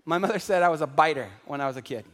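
A man preaching a sermon to a congregation, animated and calling out to the crowd, acting out everyday voices for laughs. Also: on the high side, very fast, in a large hall. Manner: acts out household voices for laughs. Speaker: pastor. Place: large church hall.

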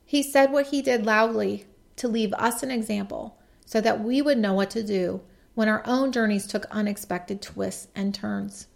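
A woman's voice: on the high side, vocal fry. A woman giving a devotional message in an earnest, reflective way, reading quotes aloud. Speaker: podcast speaker.

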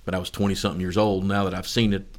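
Middle-aged guy rambling through work stories, lowish voice, acts out the quotes. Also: very fast. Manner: laughs through his stories, animated quoting. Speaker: golf course superintendent. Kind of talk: casual storytelling chat.

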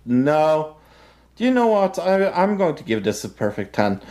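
Slow-talking man co-hosting a podcast. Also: a little high, very animated, a little mellow. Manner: halting, many fillers and restarts, laughs often. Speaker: podcast co-host. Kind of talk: casual chat reviewing TV shows.

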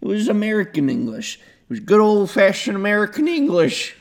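A man's voice: sits high, very animated, moderate pace. A man co-hosting a podcast, bantering casually and joining in silly bits. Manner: playful, joins silly bits and sound effects.

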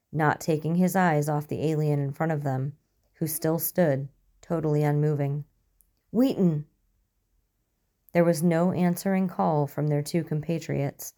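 A woman narrating a story in an even, measured way. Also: low-pitched.

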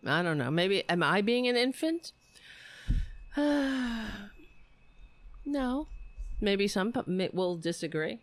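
A woman's voice: mid-range voice, lively intonation, slow, pauses often, no echo. A woman hosting a political livestream, ranting casually with profanity and sarcasm.

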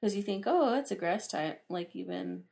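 A woman's voice: on the low side, lively intonation, normal speed, creaky, darkish tone. A young woman co-hosting a podcast, chatting casually in a giggly, playful way. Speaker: podcast co-host. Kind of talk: casual chat.

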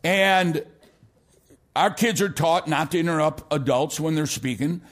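A middle-aged American pastor preaching in a notably high voice. He tells his stories with animation and breaks into shouts to drive a point home. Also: a little slow. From United States. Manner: animated storytelling, bursts into shouts for emphasis. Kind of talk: sermon.

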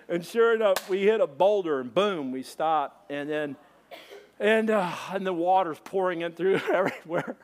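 A man preaching a sermon, telling a funny story and acting out shouted voices. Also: fairly high pitch, expressive, fairly quick. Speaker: pastor.

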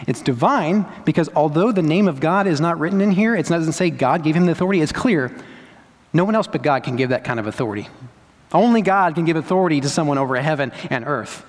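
A man's voice: fairly high pitch, expressive, fast, in a large hall. A man preaching a sermon as pastor, emphatic, repeating key words and asking rhetorical questions.

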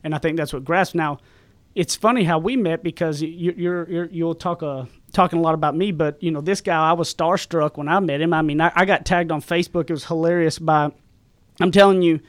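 A man's voice: a little high, fairly even intonation, fairly quick, dry recording. A man in his thirties with a Southern accent, chatting casually on a podcast and rambling through stories. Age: 30s.

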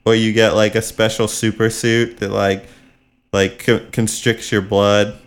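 A man's voice: lowish voice, level tone, measured pace, smooth. A man co-hosting a podcast in loose, casual chat, laughing and swearing freely. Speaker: podcast co-host.

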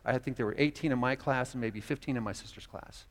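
In a church sanctuary with long reverb, a male pastor preaches a sermon, telling stories and acting out the voices of the people in them. His medium-pitched voice is animated and fast.

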